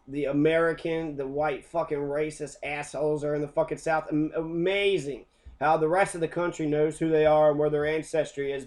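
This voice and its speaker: A man lectures over a map in a heated, profane rant, cursing at nearly every turn. His voice sits on the high side for a man and stays blunt and combative throughout. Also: a little mellow. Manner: angry, swears constantly. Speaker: teacher. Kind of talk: profane ranting lesson.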